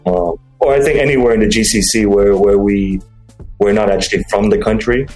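A man's voice: fairly low pitch, fairly quick, darkish tone, soft background music, low-quality recording. A man talking casually in a podcast chat, rambling with many restarts, fillers and slang. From mixed English and Chinese, raised abroad.

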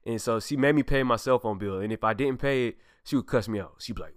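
A man's voice: mid-range voice, quick pace, no room sound, clean studio sound. A young man hosting a podcast, telling heartfelt personal stories in a casual, emphatic way with loose slang, acting out quoted lines. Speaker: podcast host.

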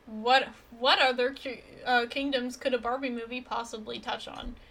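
A woman's voice: fairly high pitch, steady tone, gravelly, fairly bright tone. A woman co-hosting a podcast, chatting casually and playfully about a movie. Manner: enthusiastic, quick to agree, playful. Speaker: podcast co-host. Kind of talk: casual film review chat.

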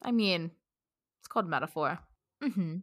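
A woman co-hosting a podcast, blunt and sarcastic, swearing casually in relaxed chat. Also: on the low side, measured pace, no echo, clean studio sound. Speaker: podcast co-host.

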